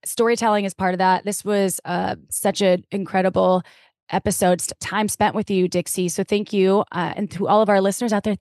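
A woman's voice: mid-range voice, no echo, clean studio sound. A woman from the US Midwest co-hosting a podcast, bubbly and playful in casual chat. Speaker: podcast co-host.

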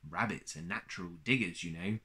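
A man voicing a brisk, self-assured rabbit in a storybook. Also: deep voice, bright, forceful tone.

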